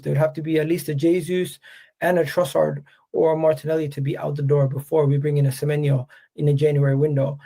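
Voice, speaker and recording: A man as guest on a live chat, arguing his point at length in a measured way and pushing back. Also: on the high side, dark tone.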